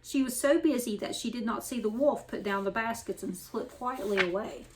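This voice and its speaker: Storyteller host reading a children's picture book; woman, slightly high. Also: moderate pace, background noise.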